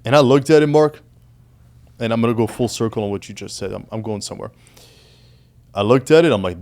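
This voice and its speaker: A man's voice: lowish voice, fast talker, long pauses, darkish tone. A man who is a guest on a casual podcast, telling his story animatedly with heavy profanity and calling the host "brother".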